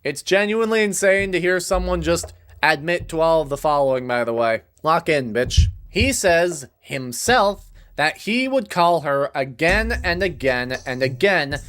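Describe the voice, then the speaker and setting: A man's voice: a little high, expressive, a little slow, a bit bright. A man reading scripted video narration, breaking in with sarcastic, mocking asides.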